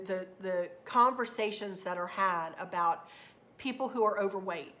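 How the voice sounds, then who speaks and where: A woman's voice: mid-range voice, moderate pace, pushed and bright. A middle-aged woman, talking unscripted and casually to her viewers, rambling and repeating herself. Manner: rambling, repeats herself, southern turns of phrase. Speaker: craft channel host. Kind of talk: unscripted casual vlog talk.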